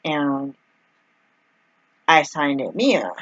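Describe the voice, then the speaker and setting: A woman's voice: low voice, very animated, extremely slow, a bit bright, no echo, dull audio. A woman telling a casual, rambling story full of filler words and acting out the lines of the people in it. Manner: acts out quoted dialogue. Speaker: vlogger.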